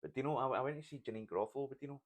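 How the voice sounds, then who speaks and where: Scottish male comic host, rapid casual chatter, laughs a lot. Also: medium pitch. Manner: chatty, laughs often, tags lines with "man". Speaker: comedy podcast host. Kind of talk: casual chat.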